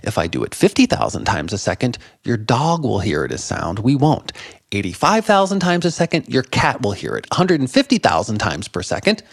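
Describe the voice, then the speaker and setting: A man in his fifties, a guest in an interview, telling animated stories about meditation and laughing often. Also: medium pitch, brisk, creaky, dry recording, studio quality. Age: 50s. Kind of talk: conversational interview.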